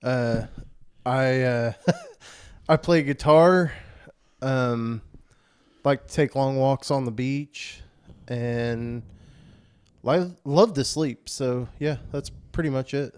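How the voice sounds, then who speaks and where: A young man guesting on a casual podcast, laid-back and halting, with a deadpan manner. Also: medium pitch, smooth.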